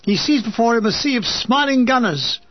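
Wry, high-voiced man reading a memoir. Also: expressive, normal speed, no echo, highs cut off. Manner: wry, lyrical. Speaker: narrator reading his own war memoir. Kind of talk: audiobook reading with comic asides.

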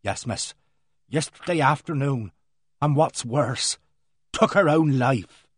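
A man voicing a housemaid who relishes bad news, speaking with dramatic gloom and knowing pauses. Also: medium pitch, lively intonation, husky, no room sound, studio quality. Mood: gloomy relish.

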